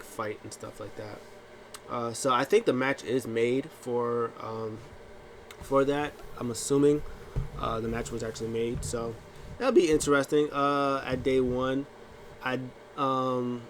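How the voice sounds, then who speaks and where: A man talks through a wrestling episode in a loose, offhand way, stumbling over restarts and fillers. His voice sits at an ordinary mid pitch, with a faint hiss of noise underneath. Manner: rambling with many fillers and restarts; acts out quotes in funny voices. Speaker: wrestling recap vlogger. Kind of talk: casual recap talk.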